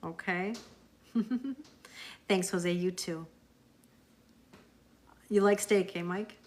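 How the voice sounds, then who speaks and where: A woman's voice: fairly low pitch, extremely slow. A woman hosting a tarot live stream, chatting casually with viewers, answering their comments and laughing often. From Canada.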